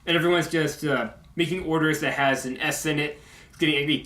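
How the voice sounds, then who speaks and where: Halting young man in an echoey room. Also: a little high, steady tone, fairly bright tone. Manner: halting, many uh and you know fillers; strong S sounds. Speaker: YouTube video maker. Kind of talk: casual update talk.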